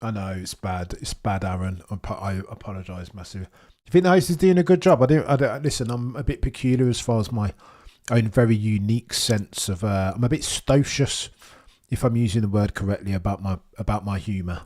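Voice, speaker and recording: A man's voice: on the low side, fairly quick. Rambling, jokey man hosting a live stream. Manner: rambling, jokey, excitable, talks to chat; eating while talking. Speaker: livestream host. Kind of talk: live watchalong commentary.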